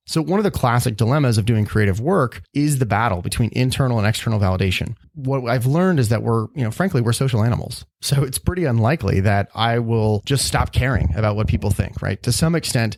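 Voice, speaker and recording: A man's voice: mid-range voice, vocal fry, darkish tone, dry recording, clean studio sound. A man hosting a solo podcast, talking in a thoughtful, earnest, self-reflective way. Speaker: podcast host.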